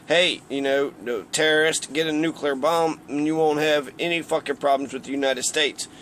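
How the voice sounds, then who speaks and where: A man's voice: on the high side, fairly even intonation, normal speed, fairly bright tone, a little hiss or hum. A man giving a casual, heated political rant, rambling and swearing often. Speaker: political commentator.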